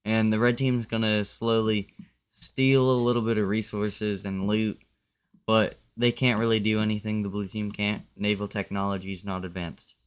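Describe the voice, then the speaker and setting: A man's voice: lowish voice, smooth. A man casually narrating a map simulation in a loose, conversational way, often saying "like". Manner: loose, conversational, uses "like" a lot. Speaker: commentator.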